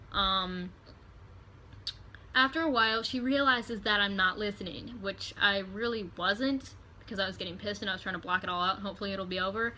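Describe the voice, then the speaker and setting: A woman vlogger telling a storytime tale in a hotel room, animated and profane. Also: mid-range voice, a little hiss or hum. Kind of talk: storytime vlog.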